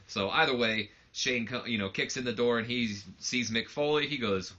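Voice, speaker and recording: A man's voice: mid-range voice, normal speed, hardly any pauses, bright, forceful tone. A man giving casual let's play commentary on a wrestling game, rambling loosely with lots of fillers, on a slightly muffled mic.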